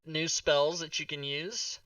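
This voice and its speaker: A man's voice: fairly high pitch, steady tone, slow, sharp tone, dry recording, recorded from a distance. A man hosting a casual talk show about a tabletop game book, joking, swearing and laughing as he goes.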